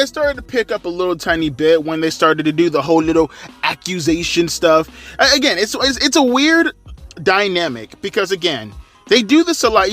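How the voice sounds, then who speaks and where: A man runs through a wrestling review in a high, bright voice. His delivery rambles, full of swearing and sarcasm, with faint music behind him. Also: expressive, brisk. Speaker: wrestling commentator.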